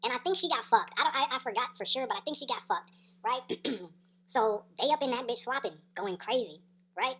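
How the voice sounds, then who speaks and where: A woman's voice: fairly high pitch, lively intonation, fairly quick, fairly bright tone, slightly rough. Profane, slangy woman telling a story. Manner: profane, slangy, tags lines with "right?"; laughs between beats. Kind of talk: casual story time monologue.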